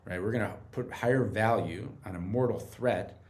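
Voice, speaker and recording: A man's voice: lowish voice, moderate pace, darkish tone. A man speaking as a guest in a casual podcast conversation, earnest and explaining, often checking in with "right?". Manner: earnest, tags points with "right?". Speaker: guest, treatment center director.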